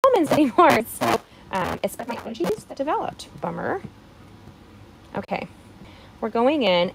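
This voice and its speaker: A woman's voice: mid-range voice, vocal fry, noisy background. A woman hosting a live card-making demonstration, chatting playfully with her viewers and greeting them by name as she works. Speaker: crafting livestream host.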